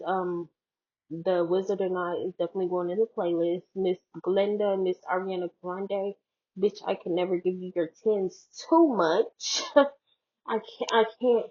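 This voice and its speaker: A young woman chats slowly and loosely, her husky voice drifting through fillers and self-mocking jokes. The sound is thin and phone-like, as if coming through a cheap headphone mic. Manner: rambling, filler-heavy, jokey and self-mocking. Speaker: vlogger. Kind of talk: casual chat. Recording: tinny low-quality headphone mic.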